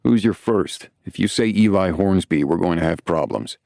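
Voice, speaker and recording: An excitable, flamboyant young man in his twenties gushes and teases with dramatic flair, as a male audiobook narrator puts him on. The voice sits clearly above the narrator's own and lands a little louder. It is read in a dry, close, dead-sounding space. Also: sits low, moderate pace, dry recording, voice pushed up. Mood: gushing. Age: 20s. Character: gushing flamboyant young man on a video call.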